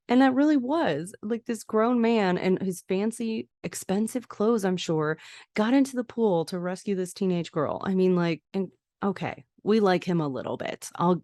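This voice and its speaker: Low-voiced woman retelling a TV episode. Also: a little mellow, no echo, clean studio sound. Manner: retells scenes acting out characters' lines. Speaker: podcast host. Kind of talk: casual episode recap.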